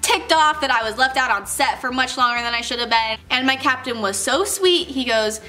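With faint music behind her, a young woman chats casually to her camera about work, acting out quotes and using plenty of "like"s. Her voice sits high and sounds pushed and bright, at a fairly quick pace.

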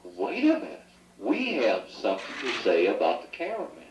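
A middle-aged son speaks briskly in a lowish voice whose pitch swoops wildly, toasting an anniversary in a party room with joking, teasing anecdotes he laughs at himself. The background is noisy, and the echoey 1980s home video was recorded from far off.

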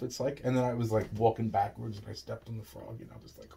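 A man delivering a rambling, profane monologue that swings between loud outbursts and low muttering. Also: quick pace, vocal fry, few pauses, slight background noise.

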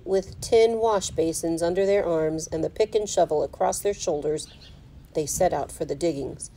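A teacher reading a children's novel aloud at home, in steady storybook narration. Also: female voice, fairly low pitch, creaky, low-quality recording. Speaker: fourth grade teacher.

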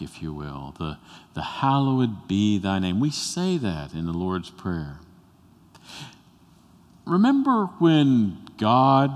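A male pastor preaching a sermon, telling a story that swells to loud bursts and drops to a hush. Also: on the low side. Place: church sanctuary. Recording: long reverb in a church sanctuary.

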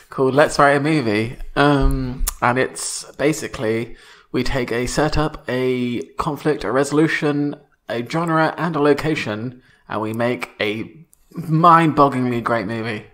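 A man's voice: medium pitch, fairly bright tone. A man co-hosting a comedy podcast, playful and joking as he riffs on a movie idea. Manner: playful, joking, quick to laugh along. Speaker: podcast co-host. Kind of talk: improvised comedy chat.

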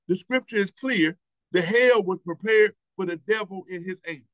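High-voiced man preaching a sermon. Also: fairly bright tone, no room sound, low-quality recording. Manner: rhetorical questions, repeats words, slows down to stress points. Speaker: church elder preaching. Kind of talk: sermon over video call. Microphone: video call.

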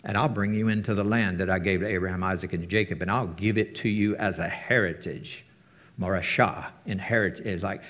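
Speaking conversationally to his fellowship, a man delivers a casual sermon. When he quotes someone, he acts the lines out with big jumps in pitch.

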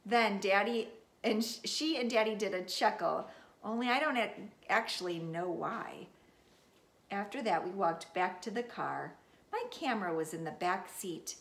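A woman reading a children's book aloud in the first person of a young girl, animated and playful. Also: moderate pace. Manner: animated, playful, with big jumps in pitch on exclamations. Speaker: storybook reader. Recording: roomy echo.

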